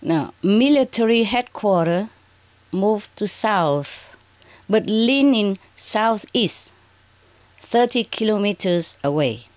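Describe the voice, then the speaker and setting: A woman spiritual teacher addressing an audience under bright spotlights, speaking in halting, broken English with frequent "okay" and "huh". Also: mid-range voice, animated. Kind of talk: addressing an audience from a prepared reading.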